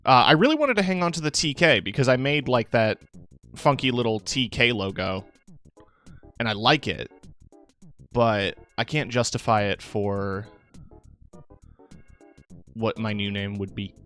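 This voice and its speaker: A young man live-streams in a mid-range voice at a measured pace, leaving long pauses while faint music plays behind him. He chats with his audience in a loose, rambling, relaxed way full of fillers, sounding tired and yawning.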